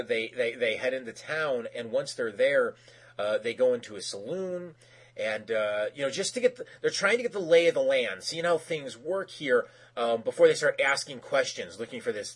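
A man's voice: medium pitch, animated, normal speed, a bit bright, slightly rough. A man recapping a cartoon episode in casual chat, rambling with lots of fillers and restarts, and acting out quoted characters in raised voices.

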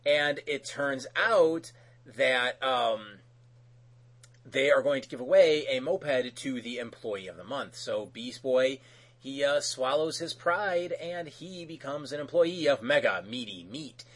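A man's voice: mid-range voice, animated, slow pace. A man casually recapping a cartoon episode as podcast host, rambling with many fillers.

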